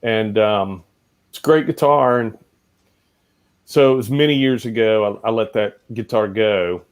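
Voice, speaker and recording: A man's voice: on the low side, unhurried. A man chatting as an interview guest, hesitant and meandering as he recalls an old guitar. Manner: hesitant, many fillers and restarts. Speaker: guest musician. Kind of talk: casual storytelling.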